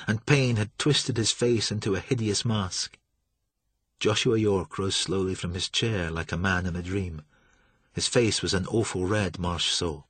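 Husky male audiobook narrator. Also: fairly low pitch, no echo.

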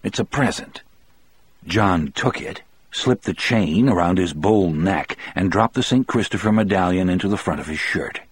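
A man narrating a novel in the first person in a measured, even storytelling manner. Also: sits low, slightly rough, no room sound. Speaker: audiobook narrator.

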